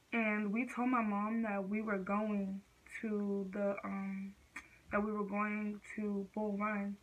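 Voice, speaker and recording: A woman's voice: mid-range voice, a bit bright, dull audio. A teenage girl vlogger telling a personal story in casual, slangy speech full of fillers.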